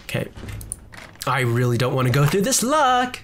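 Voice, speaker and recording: A gaming video creator sits at his desk at home doing casual let's-play commentary, chatty and jumpy, even talking back to the enemies on screen. His mid-range voice swings widely in pitch, comes across a bit bright, and moves at normal speed, with slight background noise.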